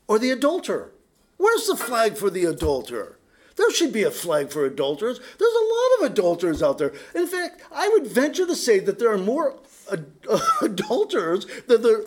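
A middle-aged male pastor preaching an impassioned, sarcastic sermon that rises to loud, emphatic peaks. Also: high-pitched.

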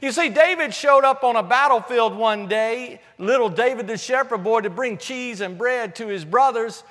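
Passionate high-voiced preacher in a hall. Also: male voice, moderate pace. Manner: passionate, swings from shouting to hushed; folksy, humorous asides. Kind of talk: sermon.

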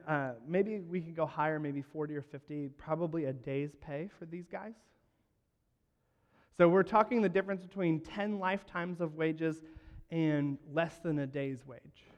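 A man preaching a sermon, telling a story and acting out its lines, moving between hushed and loud. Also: a little high, muffled recording. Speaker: pastor. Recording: long hall reverb.

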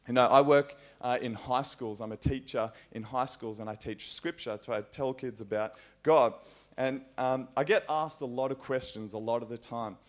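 A man's voice: medium pitch, moderate pace, hardly any pauses. Earnest Australian man preaching. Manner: conversational, earnest, frequent fillers. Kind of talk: sermon. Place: church.

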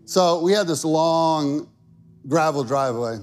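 A man's voice: fairly high pitch, a little slow, darkish tone. A man in his thirties preaching a sermon, telling stories with lots of fillers and building to emphatic calls. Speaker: pastor.

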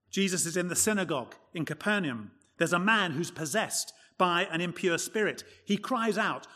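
A man preaching a sermon from the pulpit with emphatic, expressive delivery. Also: high-pitched, slightly rough. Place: church. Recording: long church reverb.

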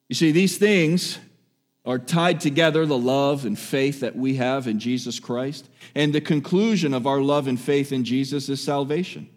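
A man preaching a sermon with emphasis, repeating key phrases and swinging between raised exhortation and hushed, quiet lines. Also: medium pitch, moderate pace. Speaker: pastor.

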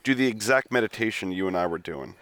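A man's voice: fairly low pitch, lively intonation, fast talker, a bit bright, dry recording, clean studio sound. A young man co-hosting a casual podcast from his apartment, teasing and playfully brash. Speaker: podcast co-host. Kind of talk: casual joking chat.

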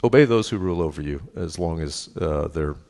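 A man's voice: very deep voice, lively intonation, fairly quick, a little mellow. A middle-aged man preaching a sermon as pastor, reading scripture and explaining it in a casual, conversational way, often checking in with a tag question and joking about himself.

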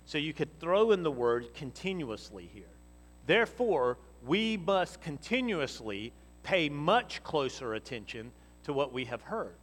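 A man delivering a sermon, his voice sitting a bit high for a man. He swings between loud, emphatic exhortation and quiet, explanatory teaching. His words ring out with the long reverb of a church hall. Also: big pitch swings, a little slow, few pauses. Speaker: pastor.

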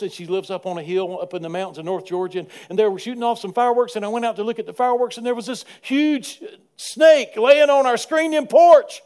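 A man, preaching a sermon in repetitive rhythmic phrases and swinging between quiet asides and loud, emphatic passages. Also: high voice, steady tone, quick pace, clear, resonant tone. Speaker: pastor.

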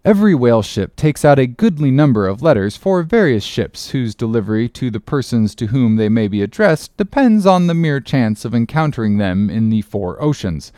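A man narrates a classic novel as an audiobook reader, telling the story in a measured, expressive way. His voice sits in the mid range, and the recording is dry and clean, with a studio sound.

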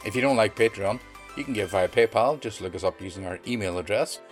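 A male podcast host with a very low voice reads a scripted outro. He thanks listeners by name in a grateful tone. Faint music plays underneath. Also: fast talker. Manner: warm, grateful thank-you reading.

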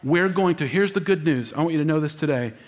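Emotional preaching pastor in a reverberant church hall. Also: male voice, a little high, fast talker. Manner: emotional, preaching with audience call-and-response. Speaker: lead pastor. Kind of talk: Easter sermon.

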